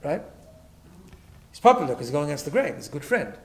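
A man's voice: fairly high pitch, sing-song, quick pace. A man teaching a Torah class, emphatic, often repeating words and checking in with "right?". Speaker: rabbi.

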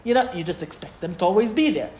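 A woman's voice: medium pitch, animated, fast, mellow, slight background noise. A woman teaching a Torah class to a group, reading verses and translating them line by line in a conversational way. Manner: conversational, explains with questions.

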